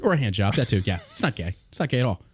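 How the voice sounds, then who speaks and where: A man's voice: fairly low pitch, very animated, rapid-fire, slightly rough. A man hosting a podcast, ranting in a profane, combative way. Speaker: podcast host. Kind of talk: casual podcast rant.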